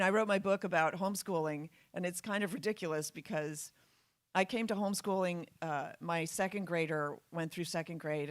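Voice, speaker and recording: A woman's voice: lowish voice, no room sound. A woman giving a public talk to an audience, emphatic and full of rhetorical questions. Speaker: guest speaker.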